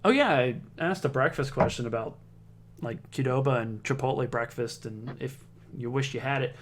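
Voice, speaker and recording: A man's voice: mid-range voice, normal speed, slight background noise. A man giving casual play-by-play commentary on a darts league, chatty, reading out scores and viewer comments.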